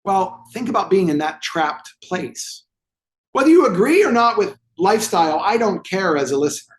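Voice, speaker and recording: Animated storytelling man, slightly high voice. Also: normal speed. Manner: animated storyteller acting out dialogue. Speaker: movement therapy expert guest. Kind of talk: storytelling in an interview.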